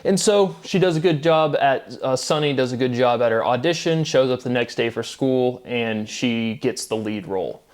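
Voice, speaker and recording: A man's voice: medium pitch, animated, normal speed, hardly any pauses, a little mellow. A man in his thirties giving a casual, rambling movie review with many fillers and self-corrections. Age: 30s.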